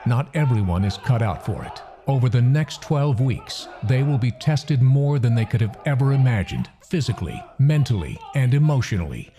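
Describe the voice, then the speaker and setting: A man reading scripted documentary narration in a measured, solemn way. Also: mid-range voice, sing-song, mellow, a little hiss or hum.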